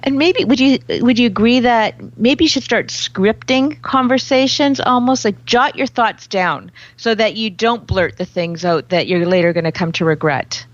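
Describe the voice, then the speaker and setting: A woman's voice: a little high, normal speed, few pauses, no echo, dull audio. A woman co-hosting a talk show, asking questions in an eager, conversational way. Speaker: podcast co-host. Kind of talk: casual interview chat.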